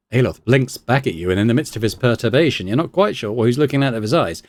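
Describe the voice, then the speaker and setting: A man's voice: mid-range voice, animated, quick pace, few pauses. A man hosting a let's play, reading the game's text aloud with wry asides and some hesitations. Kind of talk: reading game text and commenting.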